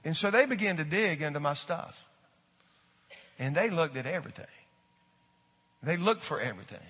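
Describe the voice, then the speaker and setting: A man's voice: on the high side, very animated, normal speed, bright, forceful tone, husky. A middle-aged male pastor preaching a sermon in folksy storytelling style, talking straight to his congregation in a large church. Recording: echoey hall with long reverb.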